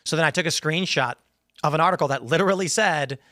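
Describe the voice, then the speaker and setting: Male podcast host, late thirties, rambling chat delivery, bright and slightly high voice, dry sound. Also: quick pace, dry recording. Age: 30s. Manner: rambling, animated, mimics AI replies. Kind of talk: casual chat reading chat questions.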